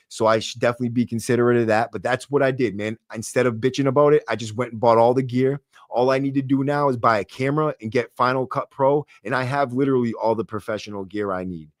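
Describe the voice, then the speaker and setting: A man's voice: mid-range voice, dry recording. Man, Boston accent, brash streetwise livestream chat, dry close mic, mid-range voice. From Massachusetts. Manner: brash, swearing, streetwise slang. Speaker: livestream podcast host. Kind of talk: casual livestream chat reading comments. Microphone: close podcast mic.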